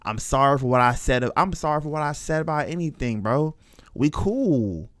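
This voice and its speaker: Jumpy young man, higher-pitched streamer. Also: expressive, normal speed, no echo. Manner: chatty, jittery, talks to chat in slang. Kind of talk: live horror game commentary.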